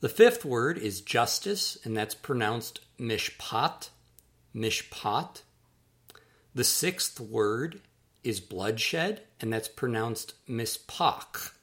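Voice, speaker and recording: Slow, deliberate man teaching pronunciation. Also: medium pitch, expressive, a bit bright. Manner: repeats each word slowly and deliberately. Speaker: author teaching word pronunciation. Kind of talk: slow, careful pronunciation lesson.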